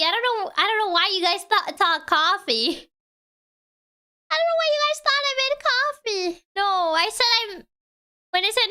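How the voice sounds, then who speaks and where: A woman's voice: extremely high pitch, lively intonation, normal speed, pushed and bright. A woman streaming a game, chatting playfully with her viewers and laughing often. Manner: giggly, playful, chats with viewers. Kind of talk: casual chat while playing a game.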